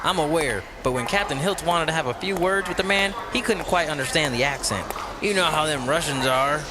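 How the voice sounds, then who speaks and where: An eager young cop, played by a man, speaks in a fairly high, friendly, hurried voice. Clear background noise runs behind him. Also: close to an everyday voice. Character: eager young male police officer friend. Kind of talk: comedy audio drama.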